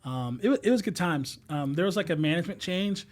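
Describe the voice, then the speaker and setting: A man's voice: on the high side, expressive, fast talker. A man telling stories as a podcast guest, talking casually with lots of fillers and restarts and laughing as he goes. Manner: rambling, many fillers and restarts. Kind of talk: casual storytelling chat.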